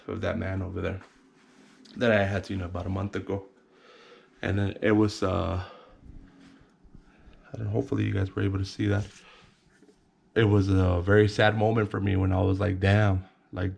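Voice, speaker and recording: A man's voice: low-pitched, vocal fry, darkish tone. A man casually telling a personal story to the camera, rambling and repeating words, sometimes acting out other people in a whisper.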